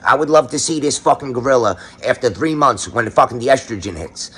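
A man's voice: medium pitch, lively intonation, brisk, a bit bright, husky. A man with a New York accent hosting a crude, sarcastic comedic rant, swearing constantly. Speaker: commentary host.

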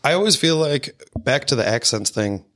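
A man's voice: mid-range voice, animated, normal speed, a bit bright. A young man in his twenties hosting a casual podcast with friends, laughing often and swearing freely. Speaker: podcast host. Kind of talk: casual chat.

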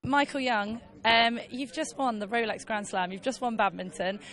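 A woman's voice: fairly high pitch, normal speed, over loud music. A woman presenting an equestrian show and interviewing riders in a chatty, gushing, openly emotional way. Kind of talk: casual trackside interviewing.

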